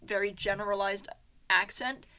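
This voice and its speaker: A young American woman co-hosting a casual podcast, giving opinions in an animated way. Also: mid-range voice, normal speed. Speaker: podcast co-host. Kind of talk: casual chat.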